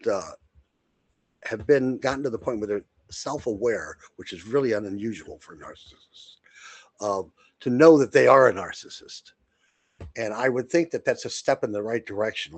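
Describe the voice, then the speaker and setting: A man's voice: lowish voice, no echo. Blunt, rambling male podcast host. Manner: rambling, blunt, with frequent restarts and fillers. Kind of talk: casual monologue.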